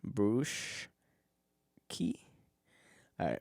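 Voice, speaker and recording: A man with a lowish voice talks loosely and off the cuff on his own podcast. He swears freely, laughs often, and drifts from point to point. The sound is dry and close to the mic. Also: huge pitch swings, takes it slowly, vocal fry, long pauses, no room sound. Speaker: podcast host. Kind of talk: solo podcast chat.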